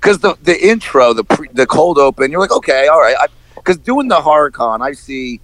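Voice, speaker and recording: A man co-hosting a casual movie-review podcast, talking in an animated, profane way and acting out quotes. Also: fairly high pitch, moderate pace, no room sound, poor audio. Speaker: podcast co-host.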